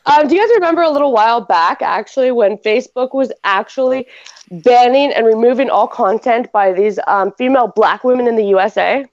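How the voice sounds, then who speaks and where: A woman hosts a casual podcast, talking in a loose, rambling way full of fillers and quick giggles. Her voice sits at an ordinary pitch. The audio is a bit dull and lo-fi. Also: darkish tone. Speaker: podcast host. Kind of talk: casual chat.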